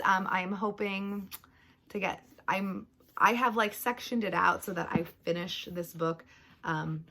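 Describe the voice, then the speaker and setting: A woman talks casually through what she is reading. Her voice sits low and has a gravelly rasp. She rambles along with plenty of "like" and "um". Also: a bit bright. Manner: rambling, full of "like" and "um". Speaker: book vlogger.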